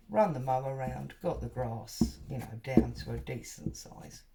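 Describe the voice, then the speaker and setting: A woman's voice: low voice, gravelly. A middle-aged woman, chatting and telling a rambling story while she does paper crafts at home. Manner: chatty, rambling, wanders off and back to her story. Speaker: craft vlogger.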